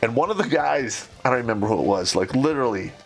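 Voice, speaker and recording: A man's voice: mid-range voice, expressive, quick pace, vocal fry. A man telling a war story in casual, profane speech, acting out the voices of the people he quotes.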